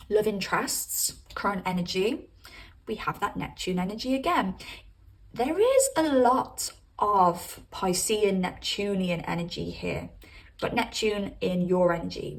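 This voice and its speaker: A woman talks through a pick-a-card tarot reading in a loose, chatty way. She giggles as she muses about what she senses. Her voice sits at a middling pitch and sounds a little distant from the mic. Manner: chatty, giggly, intuitive musing. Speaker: tarot reader.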